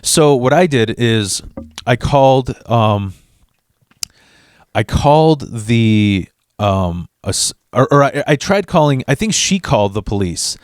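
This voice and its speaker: A man hosting a vlog, telling a comedic story in an animated, profane, fast-talking way. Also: mid-range voice, no room sound, studio quality. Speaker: vlog host.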